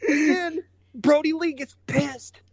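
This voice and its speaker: A man's voice: extremely high pitch, takes it slowly, crowd noise. A man co-hosting a casual podcast, swearing freely and laughing as he retells funny moments. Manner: excitable, swears a lot, laughs while retelling. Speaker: podcast co-host. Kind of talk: casual profane chat.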